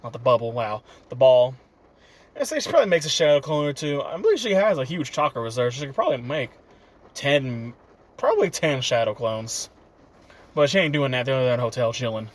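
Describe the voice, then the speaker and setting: A man's voice: medium pitch, sing-song, brisk. A young man casually retelling an improvised fan story, rambling with lots of fillers. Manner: rambling, lots of "you know".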